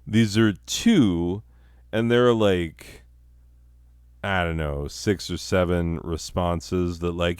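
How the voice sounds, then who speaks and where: A man's voice: fairly low pitch, slow, clear, resonant tone, no echo, studio quality. A man hosting a comedy podcast, delivering a profane, sardonic satirical monologue and laughing at his own jokes.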